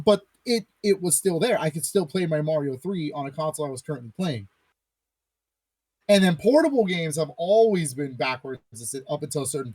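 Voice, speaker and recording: A young man hosting a gaming podcast, talking in a casual, animated and jokey way. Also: a little high, no room sound. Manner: animated, jokey, playing a game while talking. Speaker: podcast host. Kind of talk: casual chat.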